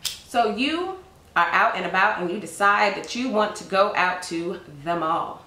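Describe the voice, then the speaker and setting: A woman's voice: mid-range voice, animated, measured pace, bright, forceful tone. Tarot-reading woman telling a story. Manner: addresses the listener directly, storytelling. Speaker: tarot reader. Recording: roomy echo.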